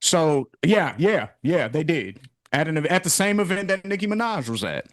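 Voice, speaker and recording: Profane, animated man on a podcast. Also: a little high, normal speed, dry recording. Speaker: podcast host. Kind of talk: casual podcast chat.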